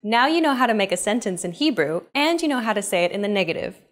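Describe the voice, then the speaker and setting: A woman's voice: mid-range voice, big pitch swings, fast. A woman hosting a scripted language lesson, explaining each step and turning questions to the viewer in an upbeat way. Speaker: lesson host.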